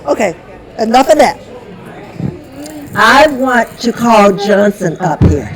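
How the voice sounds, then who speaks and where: A man's voice: high-pitched, a little slow, a bit bright, poor audio. A man hosting a retirement party, effusive and affectionate, coaxing people up to speak. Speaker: emcee. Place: party room. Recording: crowd noise behind.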